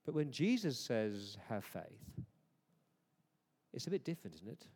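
A man preaching a conversational sermon, dropping to a hush at times and rising to emphatic points. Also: mid-range voice, big pitch swings, brisk, husky. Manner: conversational, swings from hushed to emphatic. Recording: long hall reverb.

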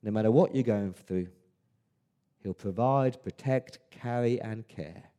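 A man's voice: on the low side, a little slow, warm tone. A man preaching a sermon as pastor, earnest and emphatic, often restarting his words.

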